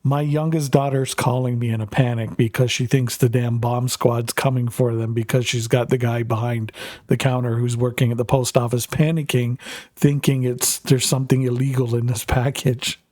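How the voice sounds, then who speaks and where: Man, middle-aged, Canadian, gaming streamer, rambling chatty storytelling, mellow dark voice, dry close sound. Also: mid-range voice, moderate pace, dry recording. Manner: rambling, animated, lots of fillers. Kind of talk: casual storytelling while gaming.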